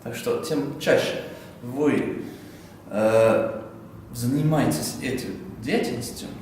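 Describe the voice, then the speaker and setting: A man teaching parents in an online lesson, animated and quick, acting out sample phrases as he explains. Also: medium pitch. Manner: animated, talks fast, demonstrates phrases. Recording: echoey room, far from mic, faint hum.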